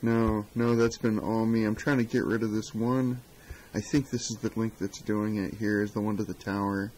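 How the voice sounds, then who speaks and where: A man's voice: fairly low pitch, level tone, moderate pace, a little mellow, a little hiss or hum, low-quality recording. A man co-hosting a casual live-stream talk show, wry and joking, muttering to himself as he fixes the stream. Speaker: podcast co-host.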